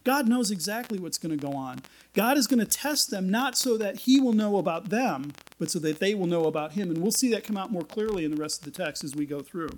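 A man's voice: high-pitched, expressive, a little fast, hardly any pauses, rough recording. A man giving a casual, conversational sermon, retelling scripture in everyday language with frequent restarts and playful asides. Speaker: preacher.

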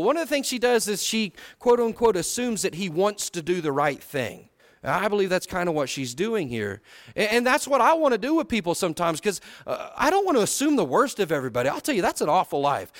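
A man preaching a sermon, reading Bible verses and paraphrasing them in conversational words, moving between quiet reflection and fervent emphasis. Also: fairly high pitch, lively intonation, a little fast.

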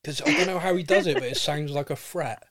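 Jokey podcast host. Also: male voice, a little high, quick pace, a loud crowd. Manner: jokey, rambling, self-mocking. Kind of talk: casual podcast chat.

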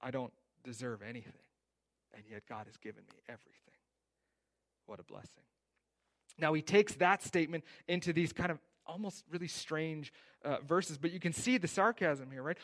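A conversational preaching man, slightly high-pitched. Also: expressive, normal speed. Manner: conversational preaching with frequent "right?" and rhetorical questions; rises loud on emphasis, drops soft at line ends. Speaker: pastor. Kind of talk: sermon.

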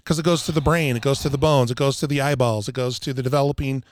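A man's voice: medium pitch, steady tone, quick pace, no echo. Emphatic man in dry podcast chat. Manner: emphatic, repeats points for effect. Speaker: water filtration installer, guest. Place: Utah.

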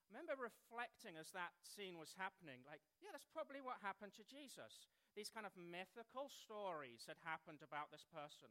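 An English man in his thirties preaches with a high, bright voice. He keeps it lively and pokes fun at himself with quick asides to the room. His tone is light and bright. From England. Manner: lively, self-deprecating, jokey asides. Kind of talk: sermon talk.

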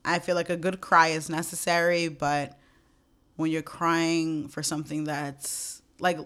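A woman's voice: low voice, little pitch movement, unhurried, a bit bright. A woman in casual podcast chat, candid and swearing freely, with lots of "like" fillers.

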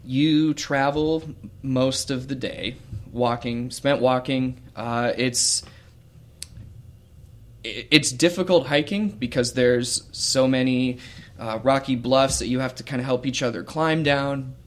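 A man narrating as game master of a tabletop role-playing game. He speaks slowly and breaks up his sentences with hesitations and fillers, at a mid pitch. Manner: slow, hesitant, with many fillers.

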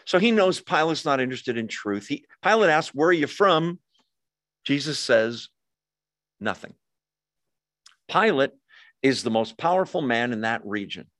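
A man's voice: very animated, normal speed, long pauses, fairly bright tone, dry recording. Man teaching Bible study, dry close sound. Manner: conversational, asks and answers his own questions; acts out quoted lines with raised pitch.

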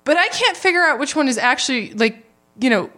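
A woman hosting a podcast, telling a story in casual chat, animated and swearing freely. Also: high voice, fairly quick. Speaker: podcast host.

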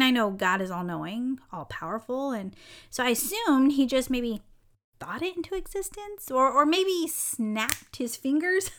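Bubbly, animated woman podcast host. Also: fairly high pitch. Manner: animated and bubbly, laughs often. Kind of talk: casual storytelling monologue.

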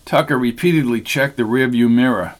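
A male narrator reading a novel aloud. He keeps a steady, measured pace in a mid-range voice. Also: medium pitch. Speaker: audiobook narrator. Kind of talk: scripted narration.

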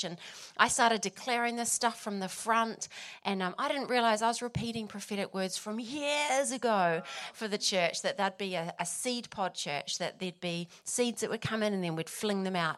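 A woman's voice: medium pitch, fairly bright tone. A woman, a pastor's wife sharing her personal testimony, emotional at times and laughing between phrases.

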